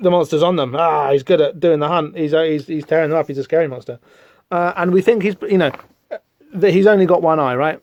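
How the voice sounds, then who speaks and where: A man's voice: on the high side, darkish tone, no echo. Chatty man reviewing comics, dry lo-fi sound. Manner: chatty, rambling, wry asides. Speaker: podcast host. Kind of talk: casual comic-book commentary.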